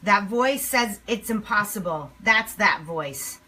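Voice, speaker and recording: A woman speaking emphatically to camera as a motivational speaker, swinging between loud and hushed lines. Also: medium pitch, expressive, takes it slowly, few pauses, breathy edge.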